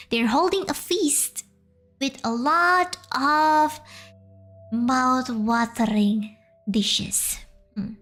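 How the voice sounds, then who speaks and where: A woman's voice: high voice, fairly bright tone. A young woman with an Indonesian accent, whose first language is Indonesian, hesitantly retells a folk tale on stream in English, translating as she goes.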